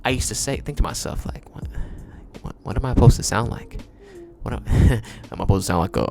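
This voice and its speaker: A man who is a podcast host and singer delivers a casual solo monologue on his own podcast, laid-back and chatty, with slang and frequent laughs. His lowish voice is animated, a little fast, gravelly, and darkish.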